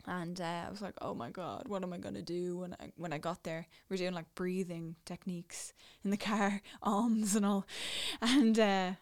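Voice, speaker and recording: Young irish woman telling her story, low-ish voice, goes quiet then gets all worked up. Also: moderate pace, few pauses. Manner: animated, swings between hushed and excited. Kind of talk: casual personal storytelling.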